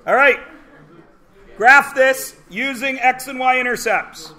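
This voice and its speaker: A man in his forties teaching a high school math class, joking with the students between problems and sometimes bursting into shouts. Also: animated, measured pace. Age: 40s. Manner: wisecracking, theatrical asides and bursts of shouting.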